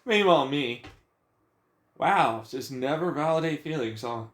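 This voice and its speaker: A man's voice: a little high, lively intonation, unhurried, fairly bright tone. A young man venting in a profane, agitated, rambling rant about his life. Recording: echoey room.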